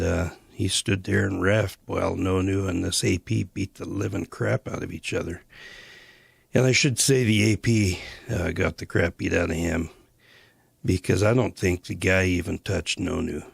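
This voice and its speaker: A man in his sixties from the Western United States, telling old stories in an unhurried, rambling way full of pauses. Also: low-pitched, creaky, husky, dry recording, clean studio sound. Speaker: storyteller recalling mission days. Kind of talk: casual spoken reminiscence.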